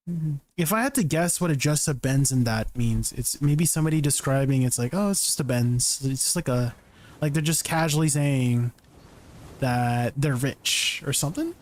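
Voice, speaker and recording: A man's voice: mid-range voice, lively intonation, unhurried, no echo. A man streaming a game, chatting casually, reading chat aloud and laughing often.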